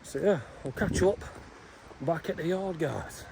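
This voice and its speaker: A man's voice: on the high side, measured pace, gravelly, heavy background noise. A man chatting casually to camera outdoors on a building site, often calling his viewers "guys". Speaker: vlogger and builder. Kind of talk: casual vlog talk to camera.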